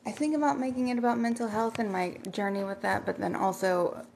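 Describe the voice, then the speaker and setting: A woman's voice: mid-range voice, steady tone, fairly quick, gravelly, darkish tone, slight background noise. A middle-aged woman chatting casually on a livestream, rambling and thanking viewers by name as she reads their comments.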